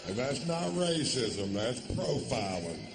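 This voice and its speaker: A man doing a stand-up comedy routine on stage, with profane, drawling storytelling that builds into loud rants. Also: mid-range voice, sing-song, slow, vocal fry, very noisy. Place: live stage show.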